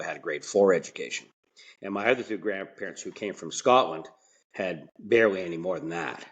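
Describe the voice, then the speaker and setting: With a low voice on dull audio, a mechanic and franchise owner appears as a podcast guest. His casual interview stories come out rambling and colloquial, often restarting or drifting into tangents.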